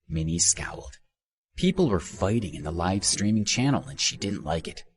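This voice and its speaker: Deep, lively male storyteller. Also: moderate pace. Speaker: narrator. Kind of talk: audiobook narration.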